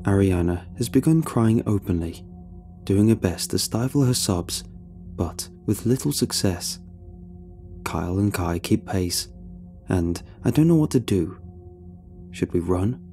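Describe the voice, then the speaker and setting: A man narrating a scripted horror story in a steady, suspenseful manner. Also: lowish voice, unhurried, long pauses. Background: faint background music.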